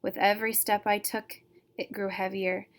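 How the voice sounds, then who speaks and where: Woman reading a storybook in a flat, steady voice. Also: medium pitch, moderate pace. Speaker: teacher reading to students. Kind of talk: first-person storybook read-aloud.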